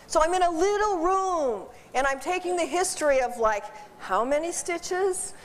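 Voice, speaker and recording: High-voiced chatty woman in echoey hall. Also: normal speed. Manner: chatty, animated, laughs often, repeats words. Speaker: dog behavior consultant. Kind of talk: informal seminar talk. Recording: distant voice in a reverberant hall.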